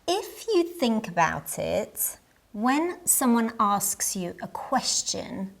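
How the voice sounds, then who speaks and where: A woman narrating a scripted English lesson in a clear, deliberate way. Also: fairly high pitch. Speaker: English teacher.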